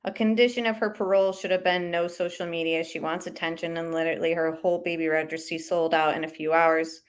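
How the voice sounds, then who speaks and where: A woman's voice: lowish voice, little pitch movement, fast talker, clear, resonant tone. A woman hosting a live commentary stream in a casual, opinionated, conversational way, reading viewer comments aloud as she goes. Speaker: commentary channel host.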